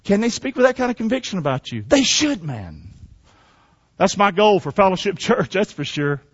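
A man's voice: sits high, very animated, moderate pace, husky. A male pastor preaching a sermon and telling his own testimony, emphatic and asking the congregation questions. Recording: dull sound in a reverberant hall.

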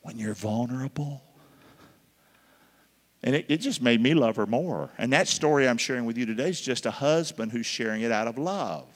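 Pastor preaching in a reverberant hall. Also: male voice, medium pitch, normal speed. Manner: calls for congregation responses, swings between loud and hushed. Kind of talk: sermon.

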